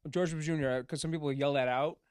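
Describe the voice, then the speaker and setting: A man's voice: on the high side, brisk, clean tone, no room sound, clean studio sound. A man who is a comedian, chatting casually and jokingly on a podcast. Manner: relaxed, joking, does president impressions. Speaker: stand-up comedian guest.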